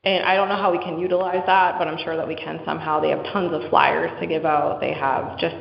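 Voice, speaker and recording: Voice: medium pitch, little pitch movement, a little fast, vocal fry, very noisy. Chatty Boston-accented speaker in an echoey hall. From Massachusetts. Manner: chatty, frequent "like" fillers. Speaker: committee member presenting. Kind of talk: town meeting discussion. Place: town meeting room. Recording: echoey hall, muffled audio.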